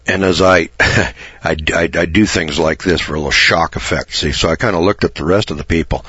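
A man telling a story in a sermon, folksy and stammering, restarting phrases and often clearing his throat. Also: sits low, moderate pace, fairly bright tone, no echo, dull audio.

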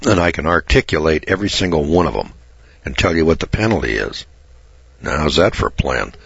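A man's voice: rumbling low, lively intonation, brisk, fairly bright tone, no room sound. Man, sermon storytelling, folksy, stammering restarts, dry dull lo-fi sound. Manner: folksy, stammering restarts, frequent throat-clearing.

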